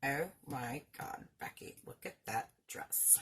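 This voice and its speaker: Speaking slowly and expressively, this woman has a very deep, husky voice with a bit of brightness. She hosts a laid-back craft-along video, joking at her own expense and laughing a lot as she crafts.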